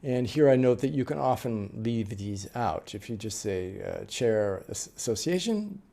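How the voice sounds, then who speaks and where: A middle-aged man gives a lecture, walking his listeners through examples step by step. His voice is gravelly, with a mellow, darker tone. He often stops and restarts mid-sentence. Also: lowish voice, animated, a little slow. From United States. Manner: explanatory, with frequent fillers and restarts. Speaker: interpreter trainer. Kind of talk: lecture on note-taking.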